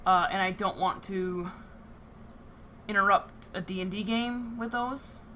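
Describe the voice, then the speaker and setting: A woman's voice: medium pitch, measured pace, fairly bright tone, a little hiss or hum. A woman game master on a live stream, joking casually, swearing, and filling her talk with "uh.". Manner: filler-heavy, joking, swears freely.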